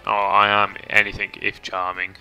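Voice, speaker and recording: Guy streaming a game, low gravelly voice, very bright and cutting, faint game music under it. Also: monotone, normal speed. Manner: chatty, reads chat aloud, swears casually. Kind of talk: casual gameplay commentary.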